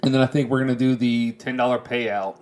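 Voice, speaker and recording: A man's voice: medium pitch, steady tone, a little fast, a little mellow. A man from Texas co-hosting a casual sports podcast, laughing easily and explaining league rules in a rambling way. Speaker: podcast co-host. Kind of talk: casual chat.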